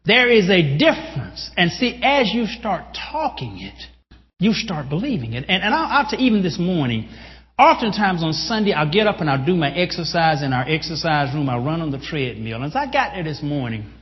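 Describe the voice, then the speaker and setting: A male pastor preaching a sermon to a congregation, animated, bursting into shouts and addressing listeners directly. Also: on the high side, brisk. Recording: dull lo-fi sound with long hall reverb.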